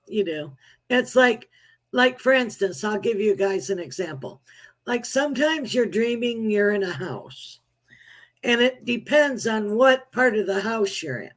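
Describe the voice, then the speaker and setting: A woman's voice: a little high, lively intonation, unhurried. A woman, a psychic medium guest on a live-stream chat, explaining things plainly with examples.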